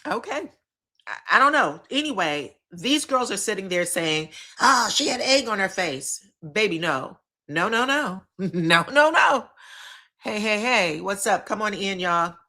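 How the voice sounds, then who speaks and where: A woman's voice: mid-range voice, lively intonation, measured pace, bright, forceful tone. A woman hosting a casual live-stream recap of a reality show, talking to her chat in a candid, slangy way and repeating herself for emphasis. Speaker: reality TV commentary host.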